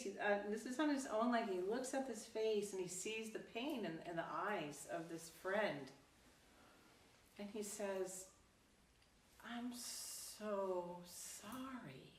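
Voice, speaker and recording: A woman Zen teacher giving a dharma talk, telling a story casually with lively acted quotes, recorded from a distance in a roomy hall. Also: mid-range voice. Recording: roomy, distant, faint background noise.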